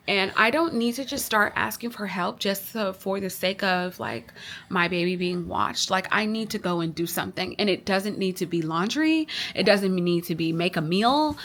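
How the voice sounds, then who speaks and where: A woman's voice: medium pitch, moderate pace, a bit bright. Tired, teary woman venting to camera. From United States. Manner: emotional, venting, rambling with many fillers. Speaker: vlogger, mother. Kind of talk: casual confessional vlog.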